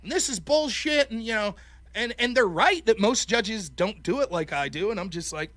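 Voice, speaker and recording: A man hosting a call-in show, telling stories in animated, profane casual chat. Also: high voice, normal speed, no echo. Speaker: podcast host.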